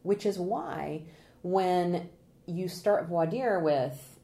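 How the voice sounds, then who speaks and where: A woman's voice: on the low side, drawn-out words, gravelly. A woman trial consultant giving an interview, talking with energy, laughing and acting out what jurors say. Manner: energetic, animated, acts out quotes with laughs. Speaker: trial consultant and presentation coach. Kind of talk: podcast interview guest.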